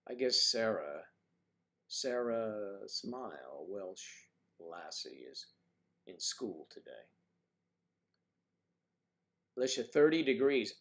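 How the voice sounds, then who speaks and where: An older man hosts a relaxed morning livestream in a slightly low voice. He chats playfully and greets viewers by name as he reads their comments. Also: takes it slowly. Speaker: livestream host. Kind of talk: casual livestream chat reading viewer comments.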